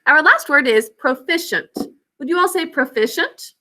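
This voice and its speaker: A young woman teaching a class, slowly sounding out words and their syllables. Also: high-pitched, animated, pushed and bright. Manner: clear, slow enunciation of words and sounds. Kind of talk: classroom spelling lesson.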